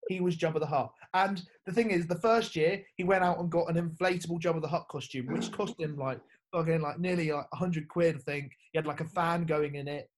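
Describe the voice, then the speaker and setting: Fairly high in pitch with fairly even intonation, he talks a little fast and rarely pauses. He's a young former rugby player from England, guesting on a podcast and chatting casually, his relaxed stories thick with fillers and swearing.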